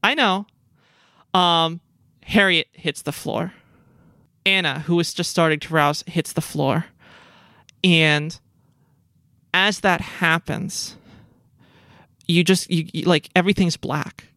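A man running a tabletop game as game master, narrating in a halting way with many fillers and restarts. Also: fairly high pitch, steady tone, pushed and bright, no echo.

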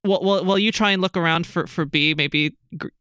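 A game master narrates a tabletop game, circling back with filler words and repeated phrases. The voice sits at a medium pitch, and the sound is dry and close to the mic. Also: fast talker, a bit bright, clean tone, no room sound.

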